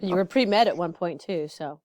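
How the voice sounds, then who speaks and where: A woman's voice: on the low side, moderate pace, a little mellow, no room sound. A woman chatting casually and responding sympathetically to a friend's story. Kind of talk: casual conversation.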